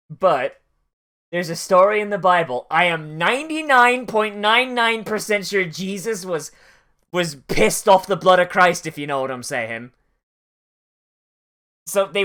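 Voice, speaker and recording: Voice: medium pitch, a bit bright. An anime watch-along host giving casual, profane commentary that wanders into long tangents. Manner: profane, rambling and tangential storytelling.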